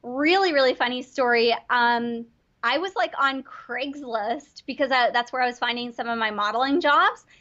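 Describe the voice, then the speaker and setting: Young woman guest, high and bright, bubbly and giggly, lo-fi sound. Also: moderate pace. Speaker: guest voice actor. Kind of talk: casual interview chat.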